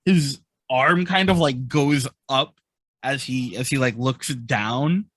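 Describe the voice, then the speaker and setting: A man runs a tabletop game and describes scenes in an animated, loose way. His voice is mid-range and dry. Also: mid-range voice, takes it slowly, no echo. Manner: animated, descriptive, with many fillers. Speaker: game master.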